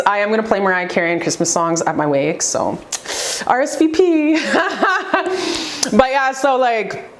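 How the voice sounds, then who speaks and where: A young woman giving a spiritual motivational talk to her viewers, emphatic and preachy, repeating phrases for effect in a forceful way of speaking. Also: fairly high pitch. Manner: forceful, says she talks aggressively. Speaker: vlogger.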